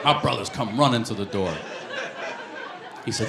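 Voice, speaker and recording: A man telling a stand-up story with animated delivery, recorded live in an echoey room with audience laughter. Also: fairly low pitch, normal speed, creaky, over a noisy crowd, heavy background noise. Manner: animated, shouts in acted quotes, audience laughter. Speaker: stand-up comedian.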